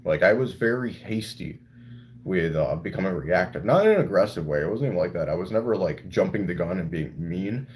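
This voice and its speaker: A young man with a deep, animated voice chats casually with viewers on a livestream, talking fairly quickly. He rambles loosely and swears freely, and there's a slight hiss or hum in the audio.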